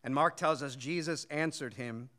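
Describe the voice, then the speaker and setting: A man's voice: fairly high pitch, normal speed, pushed and bright. A man preaching an expository sermon, telling the story earnestly and asking his listeners questions. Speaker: pastor.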